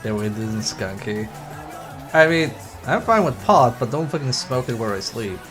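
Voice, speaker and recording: A man's voice: mid-range voice, big pitch swings, normal speed. A man streaming a racing game, chatting casually, swearing freely and acting out voices when he retells stories. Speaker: gaming streamer. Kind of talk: casual chat while playing. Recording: game music loud behind voice. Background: loud game music and car sounds.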